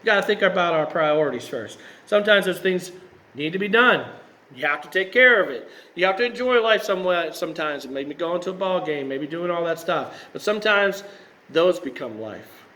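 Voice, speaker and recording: Bright, chatty male preacher. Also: high voice, animated, moderate pace. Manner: conversational, with rhetorical asides and self-corrections. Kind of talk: sermon.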